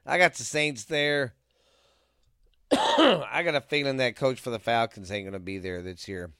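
A man's voice: medium pitch, huge pitch swings, measured pace, sharp tone, clear, resonant tone, dry recording, studio quality. A man hosting a podcast, rambling loosely and cursing freely as he reads off scores and makes his sports picks. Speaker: podcast host. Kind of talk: casual sports picks monologue.

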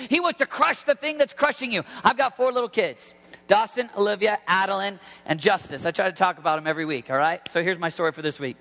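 A man in his thirties preaching an impassioned sermon to teenagers as a youth pastor, often shouting. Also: very high voice. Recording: long hall reverb.

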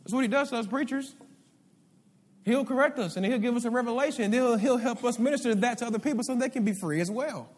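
Pastor guy preaching, high voice, big echo from the church hall, calls on folks to say it back. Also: fast talker. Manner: preaching with call-and-response to congregation. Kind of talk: sermon. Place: church sanctuary. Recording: live hall reverb.

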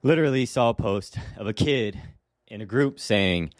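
Man, low deep voice, blunt casual podcast rant, rhetorical questions, dry close recording. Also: moderate pace, no room sound. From Hawaii. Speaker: podcast host, real estate agent. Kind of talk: casual solo podcast monologue.

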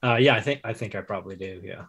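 A man playing in a tabletop game, describing his character's actions in a relaxed, matter-of-fact way. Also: lowish voice, fast, slightly rough. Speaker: player. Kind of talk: casual tabletop play.

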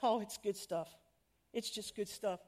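A middle-aged woman telling stories in a sermon to women, animated and laughing at herself, acting out the people she quotes. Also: mid-range voice, measured pace. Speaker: women's ministry speaker.

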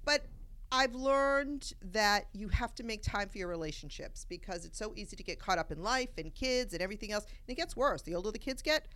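A woman's voice: medium pitch, brisk. A middle-aged woman, a guest chatting casually on a podcast and telling stories with plenty of laughter. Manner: animated, storytelling, laughs often. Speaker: guest romance expert.

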